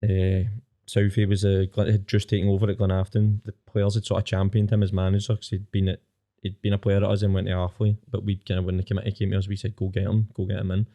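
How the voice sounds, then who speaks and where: Scottish guy in his 20s talking fast about his life, pretty monotone, muffled podcast sound. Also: deep voice. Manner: rapid, plain-spoken, emotional at times. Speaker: podcast guest. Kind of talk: candid personal storytelling.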